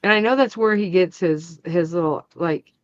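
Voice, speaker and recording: A woman hosting a crafting channel, chatting casually and acting out the family arguments in her story with lively energy. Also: on the low side, moderate pace, dull audio, slight background noise. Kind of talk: casual chat.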